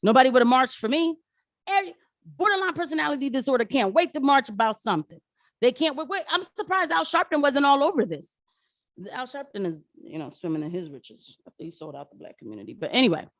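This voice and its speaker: A woman commenting on a live stream in casual slang, animated and laughing often. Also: high-pitched, no echo, clean studio sound.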